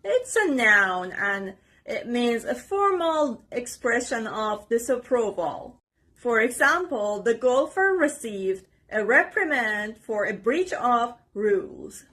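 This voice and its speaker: A woman teaching English vocabulary, pronouncing each word slowly and deliberately. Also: on the high side, sing-song, a bit bright. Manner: slow, deliberate word-by-word pronunciation drills. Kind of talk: vocabulary lesson.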